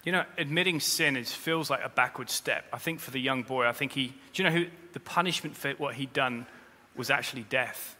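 A pastor with a mid-range voice preaches fairly quickly with few pauses, speaking directly to the congregation and adding humorous remarks. He rises to loud, emphatic peaks, recorded with the long reverb of a large hall.

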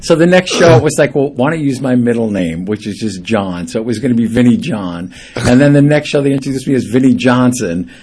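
A middle-aged man, a singer guest on a radio show, telling lively anecdotes and acting out the people in them. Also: mid-range voice, brisk, husky.

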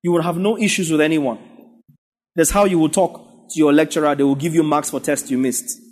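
A man delivers a sermon, pressing each point through repetition and frequent asides to the congregation. His voice sits high for a man and has a husky, grainy edge. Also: fairly even intonation, a little fast, a little mellow. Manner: emphatic, repetitive exhortation with frequent "yeah?" to the congregation. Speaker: pastor.

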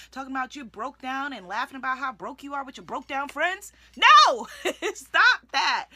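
A woman's voice: sits high, no echo. A woman life coach giving an enthusiastic motivational talk to camera, acting out her affirmations as she goes. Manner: enthusiastic, animated, shifts into soft demonstrative affirmations. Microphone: video recording for online channel.

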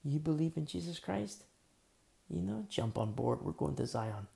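A man preaching a sermon, emphatic and repetitive, who drops to near-whispers and then rises loud again. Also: on the high side, expressive, normal speed, gravelly.

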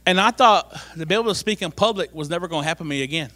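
A middle-aged man tells a lively personal testimony, repeating phrases for comic effect. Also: high voice, racing. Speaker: church member giving testimony.

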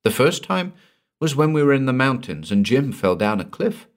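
A man's voice: medium pitch, big pitch swings, normal speed, smooth, pitched above the performer's own voice. A man voicing a frightened young married woman who speaks in a strained, anxious voice.

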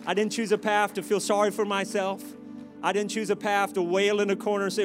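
A man preaching a sermon as pastor, joking in asides and building to loud, emphatic exhortations. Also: sits high, fairly even intonation, a little fast, music in the background.

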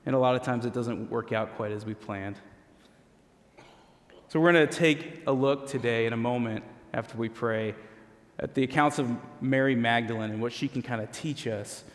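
Male pastor, thirties to forties, chatty storytelling sermon, mid pitch, long reverb of a church hall. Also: normal speed. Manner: conversational storytelling with self-deprecating humor.

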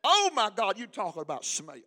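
Casting: older pastor, man, high piercing voice, preaching with call-and-response, hushed then shouting. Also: huge pitch swings, a little fast. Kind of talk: sermon.

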